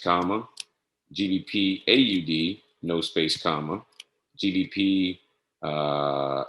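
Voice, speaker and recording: A man giving a casual screen-share tutorial on trading software, often saying "all right" and spelling codes out slowly. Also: low voice. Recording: echoey room.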